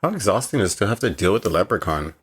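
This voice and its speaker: A man's voice: low voice, sing-song, rapid-fire, slightly rough. A man co-hosting a movie commentary podcast, chatting casually and laughing often as he jokes about the film. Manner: giggly, laughs often, jokey. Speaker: podcast co-host.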